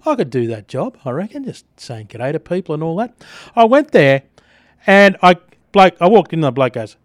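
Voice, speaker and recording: A man's voice: fairly high pitch, very animated, fairly quick, no echo. A middle-aged Australian man hosting breakfast radio, telling chatty stories and reading news with frequent chuckles in a studio. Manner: chatty storyteller, chuckles often.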